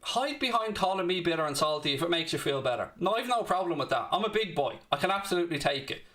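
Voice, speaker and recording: A man's voice: on the high side, expressive, fast, pushed and bright. A young man hosting a live football watchalong, commentating on the match and ranting and swearing back at his chat. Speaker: watchalong host.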